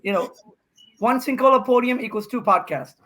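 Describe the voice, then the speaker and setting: A man's voice: very high-pitched, animated, moderate pace, sharp tone, low-quality recording. A middle-aged man from India, a pickleball pro guesting on a podcast, telling stories in a brash, joking way with swearing and frequent laughs. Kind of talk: casual podcast chat.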